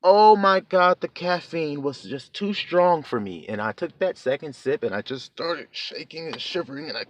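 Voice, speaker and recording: A man's voice: on the high side, animated, normal speed, few pauses, slight background noise. Earnest man giving a heartfelt testimony. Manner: casual, plain-spoken. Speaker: preacher giving a personal testimony. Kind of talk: emotional testimony and preaching.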